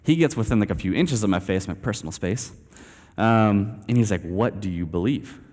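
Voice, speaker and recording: A man's voice: on the low side, lively intonation, brisk, a little mellow. Young man preaching in a reverberant hall. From Texas. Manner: casual, self-deprecating, peppered with "man" and "like". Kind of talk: storytelling sermon.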